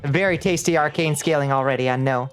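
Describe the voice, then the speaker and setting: A woman's voice: low-pitched, a little fast, soft background music. A woman streaming a video game, chatting casually with her viewers, laughing often and thanking them as she plays.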